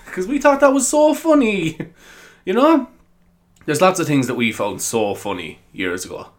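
This young Irishman runs a solo podcast in a high, expressive voice at a normal pace. His casual chat rambles, drifts easily off topic, and is full of giggles.

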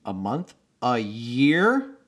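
A man co-hosting a casual movie recap, joking and acting out characters in big high voices. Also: huge pitch swings, drawn-out words, fairly bright tone. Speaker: podcast co-host.

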